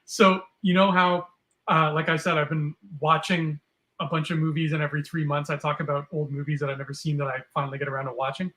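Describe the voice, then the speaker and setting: A man chatting casually on a podcast, his voice sitting a touch high with a bright, sharp edge. He tells stories with animation and slips into goofy voices when he quotes someone. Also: quick pace. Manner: animated storytelling, jumps into silly voices for quotes. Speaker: podcast co-host. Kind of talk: casual chat.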